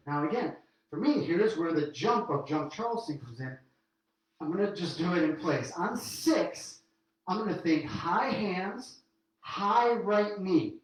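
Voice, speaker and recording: A man's voice: high voice, lively intonation, a little slow. Man counting dance steps in echoey room. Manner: counts steps aloud while dancing, upbeat. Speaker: swing dance instructor. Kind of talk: live online dance lesson.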